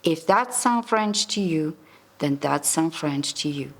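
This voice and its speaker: A woman's voice: low-pitched, expressive, takes it slowly. A woman from England being interviewed, whose speech disorder makes her sound like she has a French accent. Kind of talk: interview answers.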